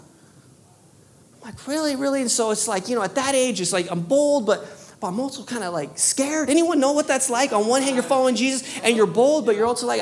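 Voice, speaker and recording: A woman preaching a sermon, telling a story with lively animation, often repeating words and restarting. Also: a little high, a little fast. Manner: animated storytelling, laughing at herself.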